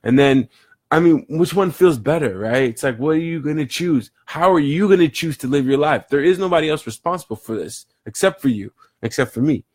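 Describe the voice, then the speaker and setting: A man's voice: fairly high pitch, lively intonation, fairly quick, dry recording, studio quality. A man giving an earnest, rambling motivational monologue, often repeating words as he thinks aloud. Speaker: motivational vlogger. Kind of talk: reflective casual monologue.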